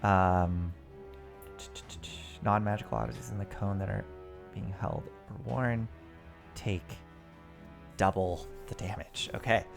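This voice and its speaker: Low-voiced man running a tabletop game. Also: gravelly, music in the background. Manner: relaxed, halting narration with many fillers. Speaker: game master.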